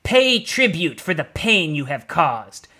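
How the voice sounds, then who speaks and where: A man voicing an ancient male druid elder who speaks slowly and solemnly in a strained, altered voice. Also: a little high, very animated, bright, forceful tone, voice pushed up, full character voice. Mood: commanding. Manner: slow, drawn-out and solemn.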